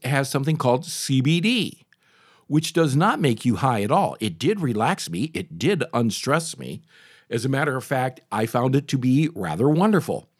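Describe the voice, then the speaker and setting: A man's voice: medium pitch, no room sound. An older male talk show host, in his sixties, spins a rambling personal story. His voice rises and falls a lot as he talks, with plenty of restarts. The sound is close and dry. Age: 60s. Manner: chatty, animated, frequent restarts and asides. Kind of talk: casual storytelling monologue.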